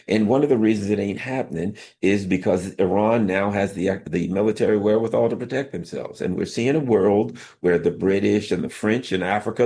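Gravelly low-voiced man holding forth. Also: warm tone. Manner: emphatic, repetitive, colloquial, talks in short bursts. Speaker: political commentator. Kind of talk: unscripted political monologue.

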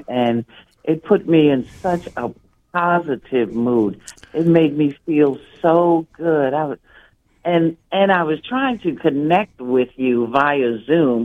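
Man, phone call, slow speech, earnest, emphatic, repeats himself, thin phone audio. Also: fairly high pitch. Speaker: radio show host calling in. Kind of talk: pledge drive appeal by phone. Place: in the Dominican Republic.

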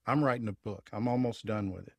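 A man's voice: lowish voice, fast talker, a little mellow, no room sound. A man who is a writer and journalist, talking conversationally as a guest on a radio talk show. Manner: conversational, with frequent "you know" fillers.

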